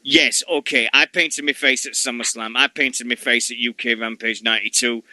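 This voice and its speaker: A man's voice: mid-range voice, steady tone, moderate pace, bright, forceful tone, no room sound. A middle-aged man hosting a wrestling radio show, rambling and jokey in casual chat, swearing freely.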